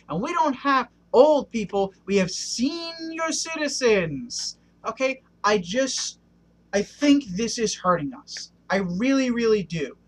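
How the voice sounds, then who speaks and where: A man delivers an impassioned one-take rant to camera, his voice sitting high for a man. He keeps checking in with the viewer with a questioning "okay?" as he builds his case. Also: fairly bright tone, rough recording. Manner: passionate, keeps asking "okay?". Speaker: vlogger. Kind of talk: ranting one-take monologue.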